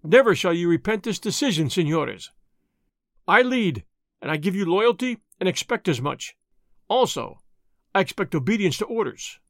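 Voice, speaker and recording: A bold masked highwayman, voiced by a man reading a storybook lectures with lofty scorn. The voice sits high and swings widely in pitch. The sound is dry and close. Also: big pitch swings, moderate pace, no echo. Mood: commanding.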